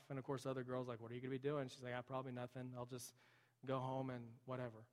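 A man's voice: medium pitch, flat delivery, fast. A man preaching a sermon, telling a story in an earnest, conversational way with frequent fillers. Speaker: pastor. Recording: long hall reverb.

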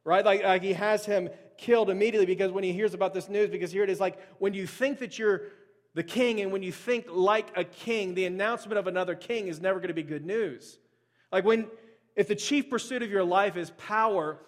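Man, pastor, high voice, casual sermon, storytelling, filler words and restarts. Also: a little fast.

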